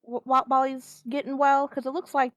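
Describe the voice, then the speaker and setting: A woman's voice: high voice, little pitch movement, fast talker, dry recording, studio quality. A woman playing a tabletop game, hesitant and careful as she talks. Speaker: player. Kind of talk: tabletop role-play chat.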